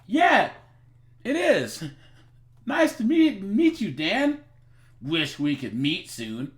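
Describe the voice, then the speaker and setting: An eager young teenage girl chatting online, as a man reads her lines aloud. The voice sits high and bounces up and down, read out slowly and with plenty of lift. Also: very animated, heavily acted.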